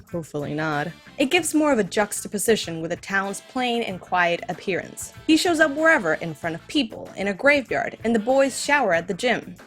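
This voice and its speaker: A woman's voice: medium pitch, a bit bright. A woman hosting a scripted film commentary, enthusiastic and speaking directly to her viewers. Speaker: video essay host.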